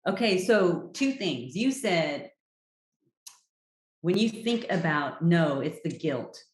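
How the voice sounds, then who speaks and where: Low-voiced woman in a roomy space. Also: sing-song, takes it slowly. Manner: emphatic, encouraging, direct. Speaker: health coach guest. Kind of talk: casual chat, giving advice. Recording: roomy echo.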